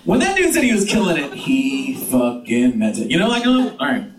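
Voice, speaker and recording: A Mexican American man doing stand-up as host at a pub, loud and crowd-working, swearing and laughing often. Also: mid-range voice, huge pitch swings, normal speed. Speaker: stand-up comedian hosting. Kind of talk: stand-up comedy. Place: pub stage with live crowd. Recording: roomy pub, mic heard from a distance, crowd noise.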